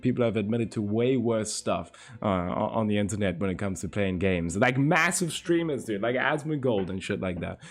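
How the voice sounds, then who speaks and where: A man's voice: on the low side, animated. A man in his twenties chatting casually on a live stream, laid-back and swearing freely as he tells stories. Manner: laid-back, swears a lot, spins stories with quick voice impressions. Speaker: game streamer.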